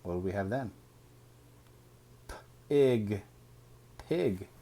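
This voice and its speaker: A man teaching a phonics lesson, sounding out each word slowly and deliberately. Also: lowish voice, expressive. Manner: slow, deliberate sounding out of words.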